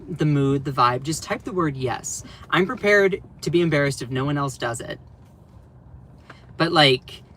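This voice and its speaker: A man hosting a political commentary live stream, animated and sarcastic, laughing often as he talks. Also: on the high side, slight background noise, rough recording.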